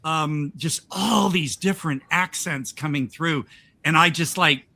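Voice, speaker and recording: Bright chatty man. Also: on the high side, measured pace, creaky. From United States. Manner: chatty, rambling with frequent restarts and laughs. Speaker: podcast host. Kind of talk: casual chat.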